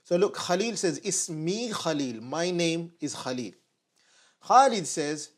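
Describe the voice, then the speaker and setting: A man teaching a language lesson at a board, patiently repeating short phrases slowly so learners can follow. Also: on the high side, expressive. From United Kingdom. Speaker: Arabic teacher. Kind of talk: online lesson at a whiteboard.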